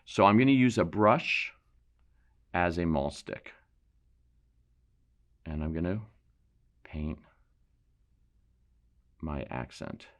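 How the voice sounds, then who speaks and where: A man with a low voice walks through a painting demo. He explains each term while he works, in a loose, thinking-aloud way with self-deprecating asides. He sounds like he is in a studio. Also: lively intonation, slow pace, long pauses. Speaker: painting instructor. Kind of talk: painting demonstration.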